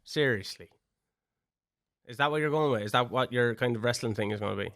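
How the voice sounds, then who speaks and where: An Irish man co-hosting a wrestling podcast in casual chat, teasing his co-hosts with quick interjections. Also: mid-range voice, a bit bright, no echo, clean studio sound. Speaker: podcast co-host.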